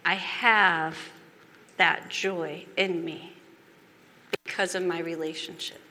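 A woman delivers a confessional sermon, earnest and heavy on repetition. Her tone is bright and her pace unhurried. The voice carries a long hall reverb over faint background noise. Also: fairly low pitch, fairly even intonation. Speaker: preacher. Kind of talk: personal testimony sermon.

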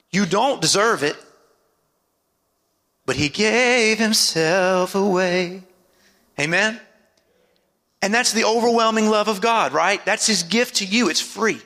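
Gravelly high-voiced preacher in a reverberant hall. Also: male voice, sharp tone. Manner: preaching with call-and-response asides and dramatic drops in pitch. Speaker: pastor. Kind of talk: sermon.

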